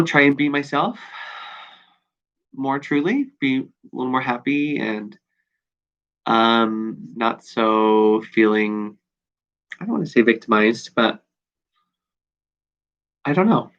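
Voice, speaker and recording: A man recording a personal video journal, talking in a reflective, halting way with many pauses and fillers. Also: medium pitch, a bit bright. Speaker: video diarist. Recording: dull lo-fi recording.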